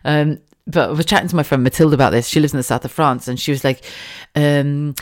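A woman's voice: low voice, fairly quick. A woman, chatting casually on her own podcast from a room at home, laughing often and swearing now and then. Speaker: podcast host. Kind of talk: casual solo podcast chat. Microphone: studio mic with a damaged foam windscreen.

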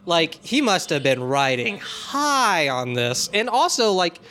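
A man's voice: a little high, takes it slowly. A man co-hosting a podcast, chatting casually and joking while watching a movie. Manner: jokey, animated, slips into silly voices. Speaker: podcast co-host. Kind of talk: casual movie commentary chat.

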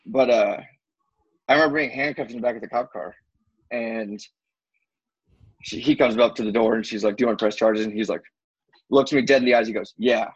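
A man's voice: medium pitch, fairly quick, long pauses, breathy edge, no echo, muffled recording. A young man telling a story to friends in a casual chat, acting out the quotes and swearing freely.

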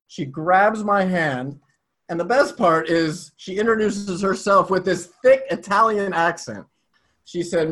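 A man as an interview guest telling a personal story in a casual, animated way. He swears freely. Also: a little high, normal speed.

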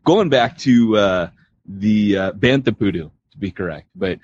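A man's voice: fairly low pitch, lively intonation, measured pace, darkish tone, slightly rough, dry recording, lo-fi sound. A man co-hosting a podcast, telling long rambling stories in casual chat with many restarts. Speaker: podcast co-host.

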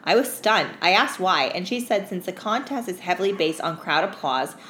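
Young woman podcaster, super animated storyteller, echoey room, faint hum behind. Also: lowish voice, normal speed. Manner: animated storyteller, swears freely, acts out customers' lines. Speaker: podcast co-host. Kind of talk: casual chat.

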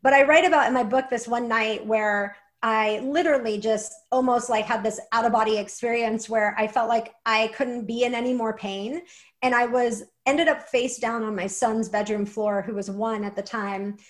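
High-voiced woman telling her story. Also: fairly even intonation. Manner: earnest, fast, lots of "like" fillers. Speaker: guest, author. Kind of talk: personal storytelling in a conversation.

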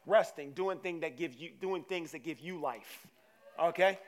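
A man preaching a sermon to his church, telling a story in lively, casual words that swing from loud to hushed. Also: on the high side, a little slow. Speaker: pastor.

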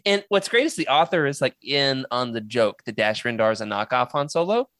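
A podcast host leading a casual chat, wry and animated, handing out turns. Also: medium pitch, moderate pace, slight background noise.

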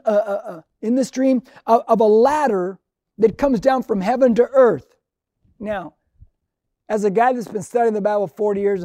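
A man's voice: extremely high pitch, warm tone, dry recording, studio quality. A middle-aged man preaching a sermon, building emphasis through repeated phrases and rising calls. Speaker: pastor.

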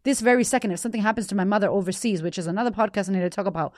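A woman in her thirties hosting a podcast, telling a personal story in a blunt, animated way with frequent swearing. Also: medium pitch, very fast, no echo, studio quality. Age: 30s. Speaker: podcast host. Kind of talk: candid personal storytelling monologue.

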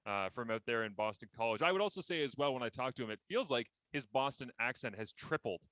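A man's voice: medium pitch, quick pace, dry recording, low-quality recording. A man hosting a podcast interview, telling stories with eager enthusiasm. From Ontario, Canada. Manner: enthusiastic, animated storytelling. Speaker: podcast host. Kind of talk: casual interview chat.

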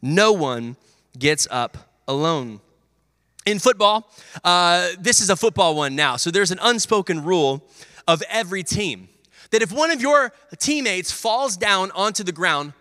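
This young pastor has a high-pitched, expressive voice with a sharp tone and normal speed. His sermon bursts with sports anecdotes in which he voices his coach and teammates, all echoing in a long-reverb hall.

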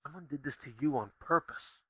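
A man's voice: fairly high pitch, a little fast, a bit bright, slightly rough, no room sound. A man voicing an earnest young shaman. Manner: earnest and urgent. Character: young male shaman and village leader, urgent and caring.

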